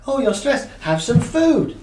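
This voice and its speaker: A man's voice: very high voice, sing-song, measured pace, roomy sound, noisy background, pitched above the performer's own voice, exaggerated voice. A man voicing the monkey mind as a tempting, sing-song part of the brain. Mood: coaxing.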